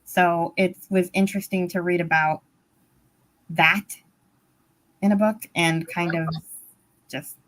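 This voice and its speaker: A woman's voice: lowish voice, steady tone, slow, pauses often, a bit bright. Frank woman chatting over a laptop call. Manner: frank, conversational, with many likes. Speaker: guest on a book chat. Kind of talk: casual chat. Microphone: laptop mic on a video call.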